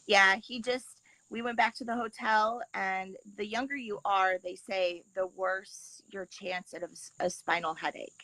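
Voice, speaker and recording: Woman guest, mid-pitched, matter-of-fact, dry close sound. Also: steady tone, a little slow, few pauses, sharp tone, dry recording, low-quality recording. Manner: plain, matter-of-fact explaining. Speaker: guest, mother of a patient. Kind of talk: casual video-call interview.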